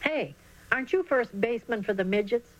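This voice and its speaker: Gruff tough boy, read by a woman, low confiding voice, storybook. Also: animated, fairly quick, dull audio. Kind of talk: storybook reading.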